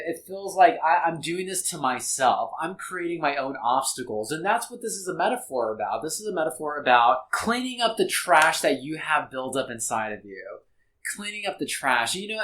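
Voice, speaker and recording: A man's voice: fairly high pitch, expressive, moderate pace, fairly bright tone, poor audio. A man as a podcast guest, talking in a rambling, earnest way with frequent restarts. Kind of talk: casual reaction chat.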